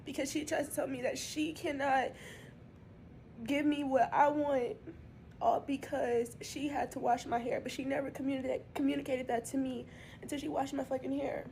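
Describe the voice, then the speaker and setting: A woman's voice: sits high, level tone, normal speed, creaky, a little mellow, a little hiss or hum, low-quality recording. A woman crying while she rants angrily as a customer in a posted video clip, swearing heavily. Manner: angry ranting, heavy swearing.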